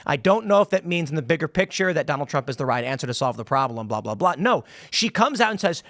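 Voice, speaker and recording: A man's voice: fairly high pitch, lively intonation, brisk, a bit bright, no echo, studio quality. A man hosting a political talk show, ranting with heated indignation. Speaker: podcast host.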